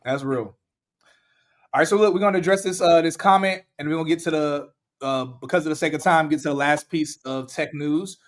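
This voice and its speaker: A man, hosting a casual podcast chat, animated and laughing as he acts out quotes. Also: a little high, a little fast. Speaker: podcast host.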